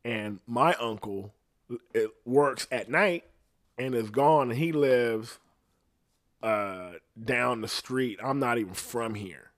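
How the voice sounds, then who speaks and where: Young male guest, casual, profane storyteller with a middle-pitched voice. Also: slow pace. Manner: profane, animated, drops to low tones for tension.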